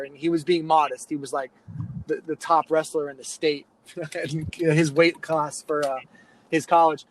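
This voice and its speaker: Male coach guest, fairly high voice, lively anecdote-teller. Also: normal speed, slight background noise, low-quality recording. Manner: animated anecdotes, acts out quoted kids. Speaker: youth sports coach, podcast guest. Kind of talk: storytelling in a casual interview.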